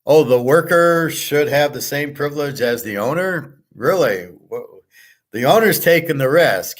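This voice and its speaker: Profane ranting man, blunt. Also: medium pitch. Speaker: host of a live show. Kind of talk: ranting live stream monologue.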